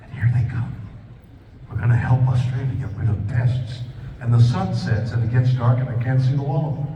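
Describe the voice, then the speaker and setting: A guest speaker on a convention stage tells a rambling, self-mocking anecdote at a brisk clip, restarting many times. His voice is mid-range, with the highs cut off and a little hiss or hum. The large hall is echoey and the mic catches him from a distance.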